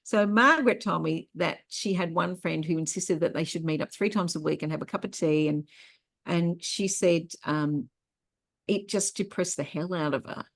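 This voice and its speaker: A middle-aged woman hosting an online workshop, teaching in a conversational way and telling personal stories. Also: fairly low pitch. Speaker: workshop host and therapist.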